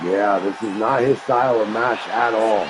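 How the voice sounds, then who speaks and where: A man doing hyped play-by-play commentary on a live-streamed wrestling game, rising into shouts on big moments. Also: lowish voice, moderate pace, background noise. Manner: hyped announcer delivery that rises to shouts.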